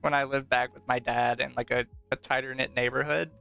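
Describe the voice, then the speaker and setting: Smooth-voiced podcast host telling stories. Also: medium pitch, little pitch movement, brisk, sharp tone, faint music behind. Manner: rambling storyteller, laughs often, swears casually. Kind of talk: casual chat with a livestream audience.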